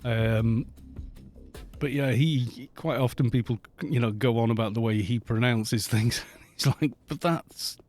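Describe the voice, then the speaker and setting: Welsh male streamer, warm mellow tone, rambling casual chat at a desk mic. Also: medium pitch, steady tone, measured pace, dry recording, soft background music. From Wales. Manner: rambling, chatty, reads chat aloud and greets viewers. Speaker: game streamer. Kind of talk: casual live-stream chat while playing.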